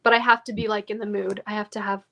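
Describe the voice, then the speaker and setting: Actor guest, female, thoughtful and hesitant, a touch of vocal fry. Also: medium pitch, little pitch movement, lo-fi sound. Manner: reflective, halting with many fillers. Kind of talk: casual podcast conversation.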